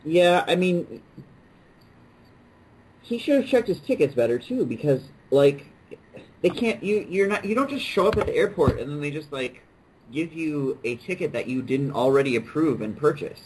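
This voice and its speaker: A man's voice: on the high side, animated, moderate pace, darkish tone, slight background noise, rough recording. Sarcastic man in casual banter. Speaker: podcast co-host. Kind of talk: casual chat.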